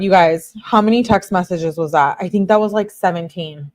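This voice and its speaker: A woman's voice: on the low side, normal speed, hardly any pauses, no room sound. A woman reading out text messages in a casual commentary, breaking in with exasperated, sarcastic asides. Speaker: true crime commentator reading texts aloud.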